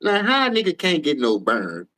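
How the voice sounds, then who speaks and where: A tired man with a New Orleans accent ranting profanely on a casual sports livestream, switching between low mumbles and loud outbursts. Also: wildly swooping pitch, moderate pace. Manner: profane, heated, jumps between mumbling and shouting.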